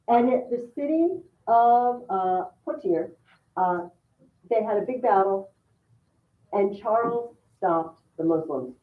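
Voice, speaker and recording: A woman teacher giving a history lesson to a class, animated and repeating key words for her students. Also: a little high. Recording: echoey room, far mic, phone-like sound.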